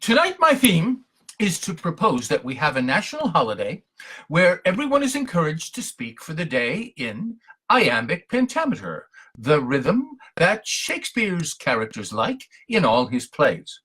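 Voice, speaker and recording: A man's voice: on the high side, sharp tone, slightly rough. A man reciting his own poems in a theatrical, emphatic way, between short spoken introductions. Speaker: poet reading his own verse. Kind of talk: dramatic poetry recitation and talk.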